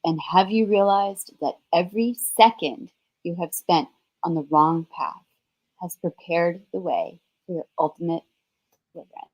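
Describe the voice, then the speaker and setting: A woman reading aloud the words of a mythical male creature who acts as a solemn spiritual mentor, in slow, earnest questions. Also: fairly low pitch, darkish tone, close to an everyday voice, low-quality recording. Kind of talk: reading a novel passage aloud.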